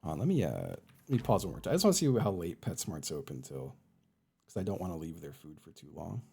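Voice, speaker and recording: Streamer, young adult man, low gravelly voice with lots of pitch swing, chatty. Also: huge pitch swings, fast talker, mellow. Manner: chatty, talks sweetly to his cats in a high baby voice. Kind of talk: casual live-stream chat. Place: home room. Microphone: desk microphone.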